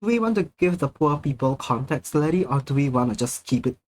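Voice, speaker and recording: A man's voice: mid-range voice, lively intonation, a little fast, a little mellow. A man chatting casually to his viewers on a live stream, playful and jokey, laughing often and talking between bites of food.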